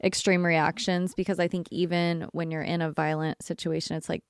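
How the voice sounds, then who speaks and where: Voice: mid-range voice, little pitch movement, normal speed, smooth, dry recording, studio quality. A therapist co-hosting a podcast, chatting casually, mostly agreeing in brief interjections and adding reflective remarks.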